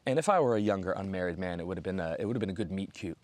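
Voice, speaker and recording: A man from the United States, in his thirties, spins a rambling comic anecdote in a fairly low voice. He keeps breaking into animated impressions of the people in his story, and his pitch leaps high when he quotes them. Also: very fast, no room sound. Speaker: comedian host. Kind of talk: storytelling stand-up monologue.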